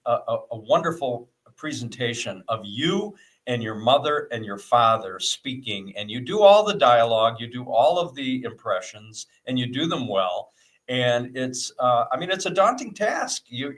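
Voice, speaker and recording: A man interviewing a guest in a relaxed, joking way, with lots of restarts. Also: medium pitch. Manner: joking, chatty, many restarts. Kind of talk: casual interview. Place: indoors.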